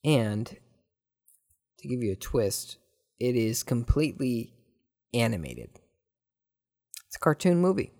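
A man from Southern California, hosting a podcast and chatting casually through listener questions in a rambling, jokey way with sudden excited bursts. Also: mid-range voice, takes it slowly, creaky, pauses often. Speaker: podcast host.

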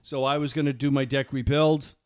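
A man's voice: mid-range voice, steady tone, a little fast, no room sound. Guy chatting loose and jokey, does little impressions, dry close sound. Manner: jokey, self-deprecating, does voices and impressions. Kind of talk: casual chat.

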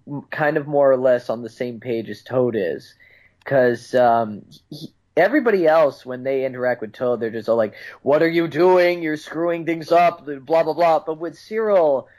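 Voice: mid-range voice, darkish tone, low-quality recording. A co-host in a casual film discussion who talks hesitantly, with many ums and restarts. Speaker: podcast co-host.

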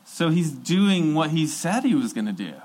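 A man's voice: on the high side, very animated, normal speed, a little mellow, poor audio. A man preaching a sermon in an earnest, emphatic way, repeating key phrases for weight.

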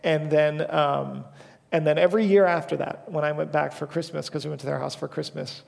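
A young man gives a casual, rambling sermon in a church, his fairly high voice edged with a gravelly fry. Long reverb from the big sanctuary trails behind his words. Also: steady tone, brisk. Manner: casual storytelling, self-deprecating, with frequent fillers. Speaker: pastor.

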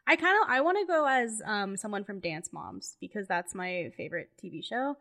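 A young adult woman co-hosting a podcast, chatting casually with playful, deadpan teasing. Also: mid-range voice, moderate pace. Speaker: podcast co-host. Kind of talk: casual chat.

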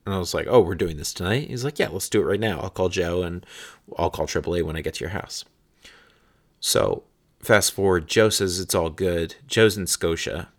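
A man's voice: low voice, normal speed. A man in his thirties telling a casual, rambling anecdote with frequent restarts and some swearing.

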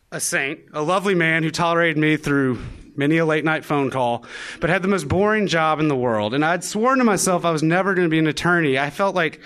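A young man with a fairly bright, high-side voice stands on a live venue stage telling the audience a funny story about himself. Wry and self-mocking, he acts out whatever lines he quotes.

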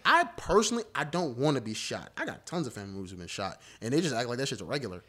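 A man hosting a podcast, telling animated stories in casual chat and swearing freely. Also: mid-range voice, rapid-fire, crowd noise. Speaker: podcast host.

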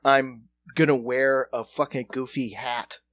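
A man's voice: mid-range voice, flat delivery, a little slow, a bit bright, no room sound. A man co-hosting a comedy podcast, riffing crudely and swearing often. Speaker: podcast co-host. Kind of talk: casual comedic chat.

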